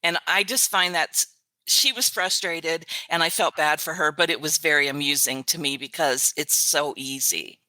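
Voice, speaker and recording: Chatty older woman, bright, dry sound. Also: low-pitched, no room sound. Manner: chatty storyteller, quick to laugh. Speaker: author's virtual assistant, guest. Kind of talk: casual interview chat.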